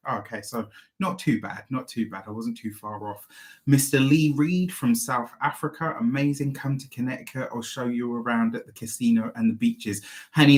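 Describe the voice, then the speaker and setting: A man, an astrologer, chatting effusively with viewers on a live stream through a small clip-on mic. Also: medium pitch. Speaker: astrologer and tarot reader. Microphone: small clip-on microphone.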